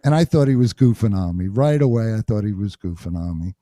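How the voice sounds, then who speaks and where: Casting: low, very dark male voice, lively storyteller guest, dry sound. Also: fairly quick, no room sound. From New Jersey. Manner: animated storyteller acting out quotes. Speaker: guest bassist. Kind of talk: storytelling interview.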